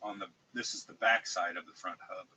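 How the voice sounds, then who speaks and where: A man with a cold talks slowly and haltingly on a live stream, sounding congested. His voice is rather low and very bright and forceful in tone. A faint hiss of background noise sits under the close desk mic. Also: fairly even intonation, low-quality recording. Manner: slow, halting, with many restarts and fillers. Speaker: streamer showing 3D-printed model car parts. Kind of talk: casual live-stream chat.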